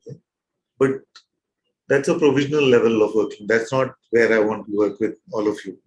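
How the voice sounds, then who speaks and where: A man leading a satsang as spiritual teacher, probing his listeners with repeated questions in a gentle, playful way. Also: fairly low pitch, a little fast, poor audio. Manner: gentle and playful, with soft laughs. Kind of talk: satsang teaching to a live group.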